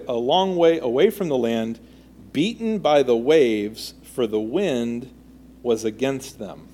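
A man's voice: mid-range voice, a little mellow. A man teaching a Bible study in a conversational way, reading scripture aloud and then asking the group questions.

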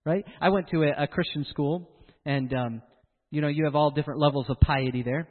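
A man preaching a sermon in an animated way, acting out the voices of the people he quotes. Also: on the high side, fairly quick, long reverb tail, phone-quality sound.

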